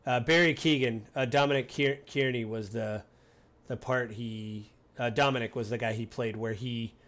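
A man co-hosting a casual film chat, animated and playfully acting out quoted lines. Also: mid-range voice, normal speed. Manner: animated, acts out quoted lines in funny voices. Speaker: podcast co-host discussing a film.

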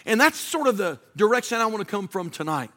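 A male pastor preaching a sermon, stressing key words with slow drawn-out emphasis and rising to shouts. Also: high voice, very animated.

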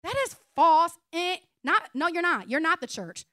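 A young woman pastor preaching a conversational, humorous sermon in a blunt, animated way. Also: very high-pitched, moderate pace, dry recording. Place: church sanctuary.

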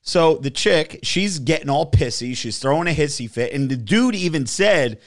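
A brash man co-hosting a podcast, swearing and joking straight to the live chat. His voice rides slightly high with big, lively swings. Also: moderate pace. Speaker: podcast co-host talking to the live stream. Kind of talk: casual chat.

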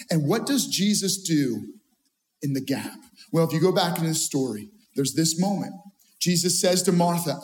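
A man preaching a sermon, emphatic and repetitive, building intensity as he speaks. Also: high voice. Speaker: pastor. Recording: echoey hall reverb.

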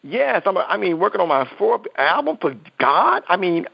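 A man telling his near-death story as a guest, earnest and halting, with frequent restarts. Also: sits high, very animated, gravelly, breathy edge, highs cut off. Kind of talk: emotional testimony.

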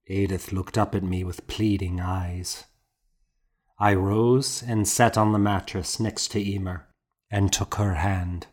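A man reading a novel aloud as an audiobook narrator, in a measured, gentle way. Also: low-pitched, steady tone. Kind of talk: scripted narration.

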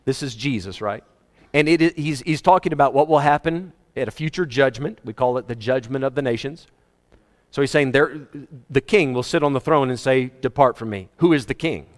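Pastor preaching in a hall. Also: male voice, medium pitch. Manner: animated, emphatic preaching with asides and humor. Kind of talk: sermon. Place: church hall. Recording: reverberant church hall.

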